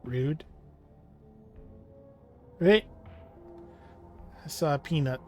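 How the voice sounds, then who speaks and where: A man's voice: fairly high pitch, extremely slow, warm tone, soft background music. A man streaming a video game, talking to himself in a wry, profane, casual way. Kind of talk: casual gameplay commentary.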